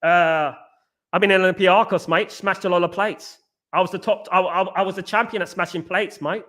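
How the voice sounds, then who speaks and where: A man's voice: high-pitched, steady tone, moderate pace, pushed and bright. A man putting on a mock Australian accent, playing a laid-back male football manager who ends every sentence with "mate". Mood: boastful drawl. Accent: put-on Australian.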